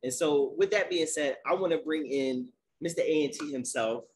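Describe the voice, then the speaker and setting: A man hosting a casual live conversation, energetic and playful as he brings guests in. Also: on the high side, normal speed, a little hiss or hum. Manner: energetic, playful hype when introducing guests. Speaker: host.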